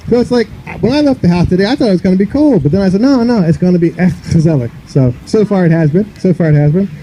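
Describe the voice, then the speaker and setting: A male stand-up comedian with a high but dark, mellow voice rambles loosely through his set, leaning on "you know" between jokes. He performs outdoors in a park, with faint open-air noise around him. He grew up in the northern United States. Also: racing, low-quality recording.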